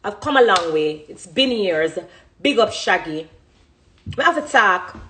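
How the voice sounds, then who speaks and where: A woman's voice: medium pitch, expressive, unhurried, a bit bright, a little hiss or hum. A woman in her thirties with a Jamaican accent speaking passionately and emphatically about her career, full of thanks. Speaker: dancehall artist. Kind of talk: emotional spontaneous speech.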